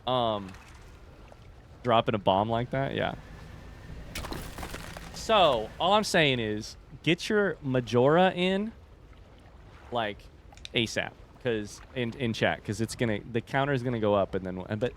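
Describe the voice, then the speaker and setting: A man's voice: mid-range voice, expressive, measured pace, long pauses. Man, live-stream chatter, rambling, talks to chat, faint noise behind. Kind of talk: casual livestream chat while gaming.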